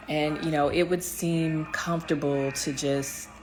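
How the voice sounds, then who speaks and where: Earnest low-voiced woman vlogging. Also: fairly even intonation, a little slow, background noise. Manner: earnest, heartfelt, many fillers and restarts; speaks directly to viewers, encouraging. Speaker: motivational speaker. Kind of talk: personal motivational vlog talk.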